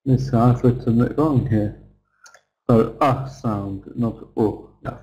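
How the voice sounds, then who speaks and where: A man's voice: mid-range voice, takes it slowly, dark tone, rough recording. A middle-aged man teaching English pronunciation in an online lesson, patiently stretching words out to model their sounds.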